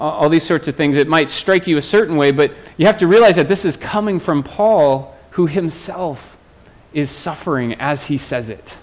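Earnest man preaching a sermon. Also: a little high. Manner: earnest, repeats and restarts phrases. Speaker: pastor.

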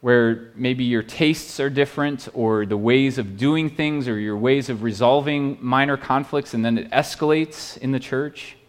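A man's voice: medium pitch, unhurried, hardly any pauses. A man preaching a sermon as a pastor, earnest and pleading, often restarting his words and checking in with "right?".

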